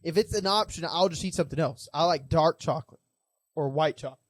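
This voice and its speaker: A man's voice: on the high side, fast, no room sound. A young man co-hosting a casual podcast, rambling through stories and getting fired up over his opinions. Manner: rambling storyteller, gets fired up. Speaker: podcast co-host. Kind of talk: casual chat.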